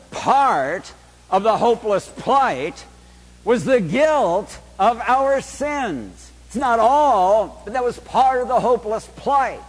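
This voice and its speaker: Slow, high-voiced preaching man. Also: big-room sound. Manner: slow, emphatic preaching with rhetorical questions to the congregation. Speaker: pastor. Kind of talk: sermon. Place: church.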